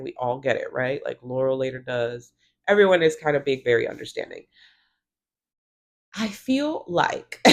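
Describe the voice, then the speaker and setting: A woman in her thirties casually recapping a TV show, quoting characters in quick voices and laughing often. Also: sits low. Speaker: recap vlogger.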